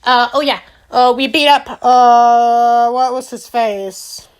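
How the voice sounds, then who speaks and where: Slow, rambling woman host. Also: a little high, steady tone, clear, resonant tone. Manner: rambling and silly, with lots of filler sounds. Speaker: gaming channel host. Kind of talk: playful game recap narration.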